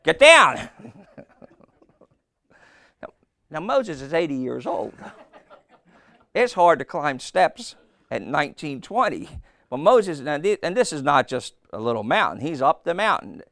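A man preaching a sermon, telling a story with lively, playful asides and asking his listeners questions. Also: a little high, unhurried, long pauses, no room sound. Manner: animated storytelling, acting out voices, asks the crowd questions.

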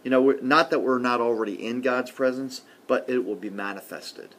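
A man preaching a sermon in a conversational way, often adding "see" and "okay", and swinging from loud emphasis to quiet murmurs. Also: medium pitch, normal speed.

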